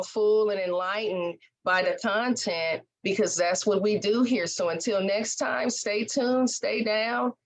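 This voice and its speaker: A woman hosting a podcast interview, speaking in an emphatic, folksy, heartfelt way. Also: mid-range voice. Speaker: podcast host. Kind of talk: conversational interview.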